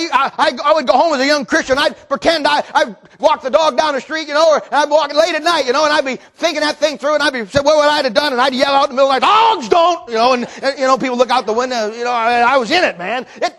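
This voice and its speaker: A man preaching a sermon, animated and storytelling, acting out the people in his stories, often repeating words as he goes. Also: very high-pitched. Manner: animated, acts out quoted voices, repeats words.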